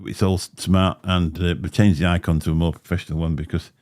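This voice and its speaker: A man's voice: low voice, little pitch movement, fast, darkish tone. A man hosting a livestream, chatting in a rambling way with a slight lisp and frequent laughs. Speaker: livestream host. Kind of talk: casual chat. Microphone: desk microphone.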